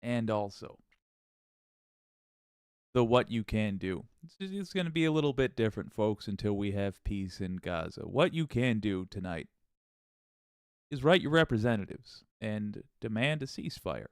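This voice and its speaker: A man chats live with his viewers, his pitch swinging freely as he greets them by name. His voice comes through smooth and clear, close to a dry microphone. He talks casually, restarting his sentences now and then. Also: lively intonation, normal speed, no room sound. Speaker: livestream host. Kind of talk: casual live-stream talk to chat.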